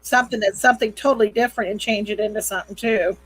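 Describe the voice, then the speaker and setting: A woman's voice: medium pitch, steady tone, rapid-fire, husky, rough recording. A woman crafting alongside a friend in casual chat, self-deprecating as she talks herself through each task. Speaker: guest crafter.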